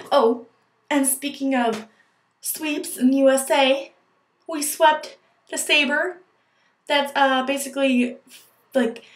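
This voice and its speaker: A young woman vlogging in a gushing, chatty way, full of "like", recorded in an echoey room. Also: a little high. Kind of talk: casual chat to camera.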